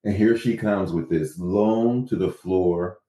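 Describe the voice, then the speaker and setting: Animated man telling a story, echoey room. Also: low-pitched, slow pace. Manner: animated, acts out quotes from others. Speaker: interview guest. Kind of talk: storytelling in casual conversation.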